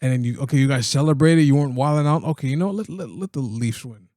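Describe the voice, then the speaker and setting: A man's voice: medium pitch, fast, warm tone, no room sound, studio quality. A man co-hosting a podcast, joking and laughing through casual sports banter, often repeating his words. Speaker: podcast co-host.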